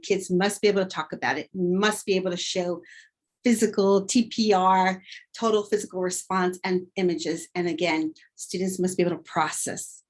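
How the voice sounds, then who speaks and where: A woman teacher modeling a vocabulary lesson, acting out feelings in her examples and then explaining her method. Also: fairly low pitch. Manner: expressive, acts out emotions in examples, slow deliberate delivery. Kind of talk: teacher demonstration.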